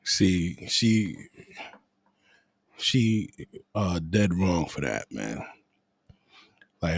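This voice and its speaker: A man's voice: on the low side, a little mellow, dry recording, clean studio sound. A man hosting a reaction commentary, blunt and crude with heated asides. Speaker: reaction host.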